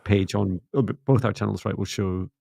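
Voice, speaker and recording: Middle-aged guy hosting a spiritual live stream, low gravelly voice, soft and calm. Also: brisk, dry recording, studio quality. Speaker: psychic mentor and livestream host. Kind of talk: casual livestream chat and guided closing.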